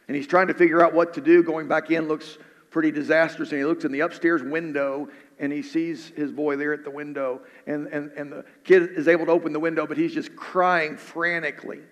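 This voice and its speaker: Pastor guy preaching, kinda higher voice, long hall echo around him. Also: level tone, brisk. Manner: earnest preaching, drops soft and low in prayer. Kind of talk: sermon. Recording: hall reverb.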